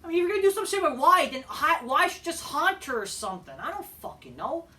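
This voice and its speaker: A man's voice: very high voice, very animated, quick pace, sharp tone, distant mic. A man ranting through a profane, exasperated video review of a wrestling show.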